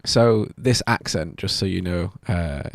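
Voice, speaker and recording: A low, gravelly-voiced man playing through a video game with casual commentary. He reads dialogue aloud and laughs often, in a dry, close sound. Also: a little slow, dry recording. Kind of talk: casual let's-play commentary.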